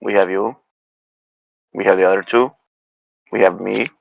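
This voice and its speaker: A man's voice: low-pitched, fairly even intonation, unhurried, creaky, no echo, lo-fi sound. A man playing a tabletop role-playing game, talking in character with wry, sarcastic humor. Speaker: player.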